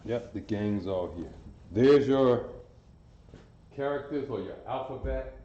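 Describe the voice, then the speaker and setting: A man's voice: medium pitch, animated, slow, dark tone. A man teaching a class in front of a board, drilling sounds aloud, repeating phrases and quizzing his students. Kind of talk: classroom lesson. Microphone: camera he sometimes walks away from. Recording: roomy, muffled sound.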